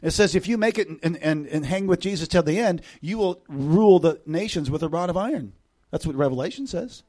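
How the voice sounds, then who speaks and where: A man's voice: fairly high pitch, a little fast. Man preaching a sermon, emphatic swells. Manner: animated preaching, reads scripture with emphatic swells; casual asides with fillers like "you know" and "okay".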